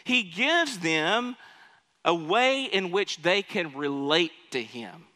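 A man preaching a sermon with a high, bright, ringing voice. He swings from loud, pleading cries to quiet asides to the congregation. His voice echoes through a hall with a long reverb. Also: lively intonation, slow.

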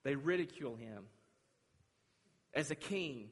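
A man preaching a sermon, dramatic, swinging from loud declaring to hushed, quiet lines. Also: mid-range voice, moderate pace, pauses often. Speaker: pastor. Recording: long hall reverb.

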